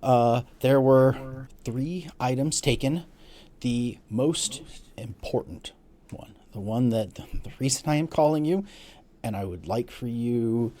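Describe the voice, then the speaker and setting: A man's voice: medium pitch, mellow, lightly acted. Nervous gallery guy w a french accent, gm voicing him. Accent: French, put on. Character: nervous striking middle-aged man, gallery owner.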